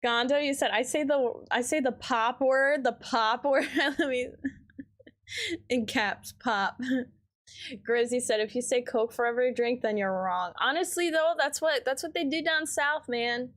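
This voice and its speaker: Young Midwestern woman, game streamer, rambly casual chat, a bit high-voiced. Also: a little slow, fairly bright tone. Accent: Midwestern American. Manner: rambling, filler-heavy, reads chat aloud. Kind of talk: casual chat while gaming.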